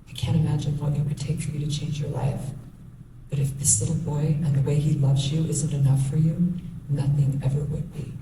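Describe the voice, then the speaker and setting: Earnest woman speaker in an echoey hall. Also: deep voice. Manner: earnest, candid storytelling with quoted dialogue. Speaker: guest speaker. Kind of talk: personal testimony talk. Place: school hall. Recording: echoey room, distant mic, faint noise.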